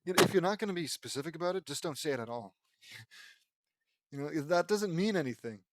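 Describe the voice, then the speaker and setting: A man's voice: fairly high pitch, animated, a little fast, a bit bright, dry recording. Male amateur audiobook reader, casual and rambling, dry close recording. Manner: rambling, self-mocking commentary with laughs. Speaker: fan fiction audiobook reader. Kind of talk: reading fan fiction aloud with asides.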